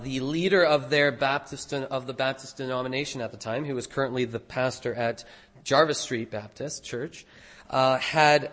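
A man delivering a sermon from the pulpit, earnest and deliberate. He tells his story in a measured way and leans hard into key phrases. His voice sits at an everyday middle pitch. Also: a bit bright. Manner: earnest, deliberate preaching with emphatic rises. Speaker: pastor.

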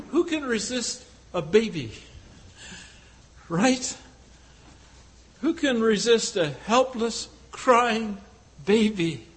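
A man's voice: extremely high pitch, takes it slowly, pauses often, fairly bright tone, low-quality recording. A male preacher delivering a sermon, retelling a scripture story with rhetorical questions and frequent hesitant fillers.

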